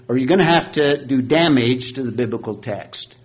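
A man giving a Bible lecture, slow and measured, with emphatic points and frequent pauses. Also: mid-range voice. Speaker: Bible teacher.

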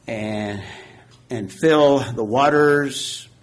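A man teaches a Bible class in an unhurried, deliberate way, leaning hard on key words and pausing often. His voice sits at an ordinary male pitch, and the talk has the feel of a lecture. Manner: slow, measured, emphatic teaching with frequent pauses.

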